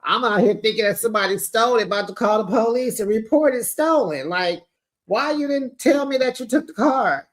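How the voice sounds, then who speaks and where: A woman's voice: fairly high pitch, a little fast, voice pushed up, lightly acted. A woman voicing an annoyed woman who confronts her partner in an exasperated, questioning way.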